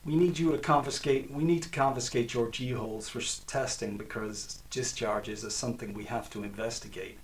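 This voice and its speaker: A man voicing a stern, deadpan male government agent, heard from a distant mic. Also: medium pitch, moderate pace, few pauses, close to an everyday voice. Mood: officious. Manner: flat, officious delivery.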